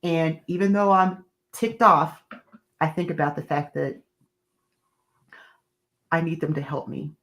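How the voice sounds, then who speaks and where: A woman guest on a podcast, telling candid stories with animated energy in casual chat. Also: low voice, a little slow, long pauses.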